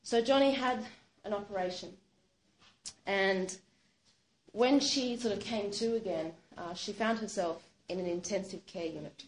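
A woman's voice: mid-range voice, unhurried. A woman telling a true-sounding story aloud in a conversational way, with plenty of "you know" and "sort of.". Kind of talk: spoken storytelling. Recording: roomy echo, faint background noise.

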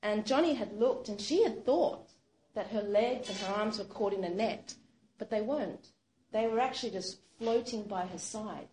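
Her mellow, mid-range voice moves at a normal pace as she tells what sounds like a real story out loud. She talks conversationally, leaning often on "you know" and "sort of," in a space with roomy echo and faint noise behind her.

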